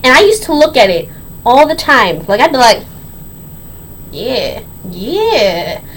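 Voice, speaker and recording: An eighteen-year-old woman telling a story on her vlog in a sassy, slangy, animated way. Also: sits high, brisk, slight background noise, poor audio. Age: young adult. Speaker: vlogger.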